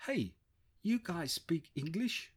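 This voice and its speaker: A man's voice: fairly high pitch, big pitch swings, slow, husky, voice pushed up, full character voice. A man voicing a casual, unbothered young man with an Indian accent that has an American twang. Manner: blunt, casual slang.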